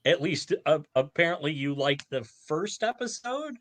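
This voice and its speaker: A man's voice: fairly high pitch, normal speed, no room sound. Chatty man with a dry sound. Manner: animated, chatty, many restarts. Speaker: podcast co-host. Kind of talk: casual chat.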